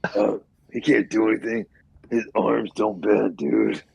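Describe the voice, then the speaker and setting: A man playing in a tabletop game, cracking deadpan jokes. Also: fairly low pitch, a little slow, vocal fry, breathy edge, dry recording, dull audio. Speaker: player.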